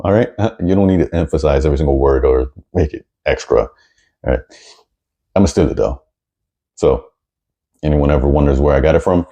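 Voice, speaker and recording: A man's voice: a bass voice, a little fast, pauses often, dark tone. A man giving blunt, sarcastic commentary while reacting to news clips, often repeating words as he gets going.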